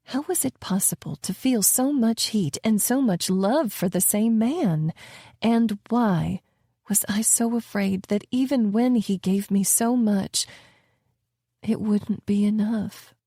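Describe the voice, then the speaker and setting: A woman reading a romance audiobook slowly and intimately, her voice soft and breathy. The tone is mellow, and the recording is dry and close. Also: mid-range voice, no echo. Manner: slow and intimate, at times whispered. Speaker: audiobook narrator. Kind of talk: scripted romance narration.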